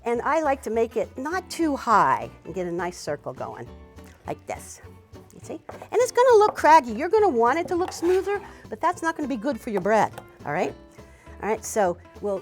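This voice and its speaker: A woman hosting a cooking demonstration, chatting to a student and using "wee" and "you know" as she goes. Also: on the high side. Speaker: cooking teacher and show host.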